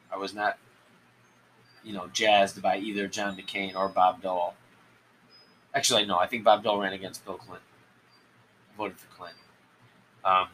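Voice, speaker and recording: A man hosting a solo podcast, talking in a rambling, halting way with many restarts. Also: lowish voice, bright, forceful tone, a little hiss or hum, low-quality recording. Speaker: podcast host. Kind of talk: solo political commentary podcast.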